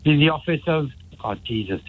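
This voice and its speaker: Guy on the phone stumbling over his words, kinda high voice, tinny line. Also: animated, fairly quick. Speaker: caller. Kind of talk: phone-in call.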